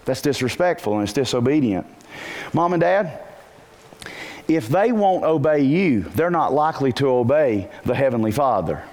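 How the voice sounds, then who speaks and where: A man preaching a sermon to a congregation, animated, asking rhetorical questions and breaking into bursts of shouting. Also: medium pitch, normal speed. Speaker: pastor.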